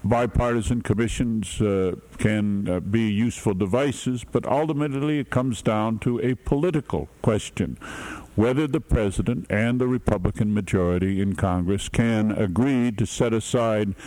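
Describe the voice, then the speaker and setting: A man with a fairly low voice lays out political analysis in a measured, deliberate way. He pauses often with "uh" as he picks his words. He sounds middle-aged and speaks like a seasoned commentator. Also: warm tone, low-quality recording.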